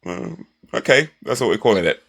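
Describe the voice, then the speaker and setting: A man's voice: mid-range voice, sing-song, fairly quick, creaky, fairly bright tone, breathy edge. A man hosting a podcast who chats casually and laughs often, stammering a little through his replies. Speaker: podcast host.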